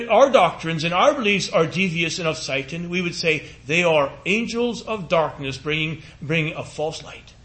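Preaching with a voice that sits high, a man delivers a sermon earnestly and pleadingly. He returns to the same phrases again and again, slowing and hushing his voice on scripture.

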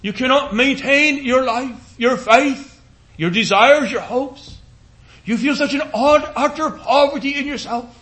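In an extremely high pitch, a man delivers an earnest sermon with a pleading cadence. He leans on repetition and drops to a slow, hushed voice for scripture.

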